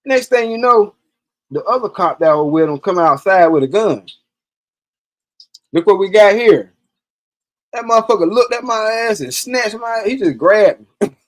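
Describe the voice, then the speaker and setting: A man's voice: high voice, moderate pace. A man telling a personal story in casual, profane talk on a live stream, acting out the lines of the people in it. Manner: profane, animated, acts out quoted dialogue.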